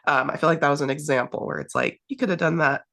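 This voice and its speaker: A woman's voice: low voice, quick pace, a bit bright. A woman co-hosting a podcast, talking casually and hesitantly with many fillers and laughs. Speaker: podcast co-host. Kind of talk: casual recap chat.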